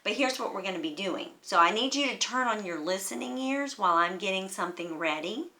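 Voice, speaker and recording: A woman music teacher giving a children's music lesson, speaking in a gentle, encouraging way to young children. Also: medium pitch, expressive, brisk.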